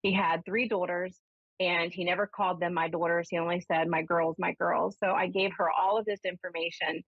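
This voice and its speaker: A woman who is a spiritualist minister and medium, telling her story in a chatty, animated way and then giving a caller a reading on a live show. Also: on the low side, brisk, husky, no room sound. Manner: chatty storyteller, animated when quoting herself. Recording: dull lo-fi broadcast audio.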